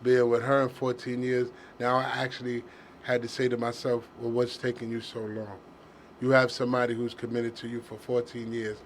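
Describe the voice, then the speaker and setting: A middle-aged man speaks in a heartfelt, casual way, earnest and openly sentimental. His voice sits at an ordinary, middling pitch, and he often stumbles and restarts as he searches for words. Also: monotone, moderate pace, a little hiss or hum.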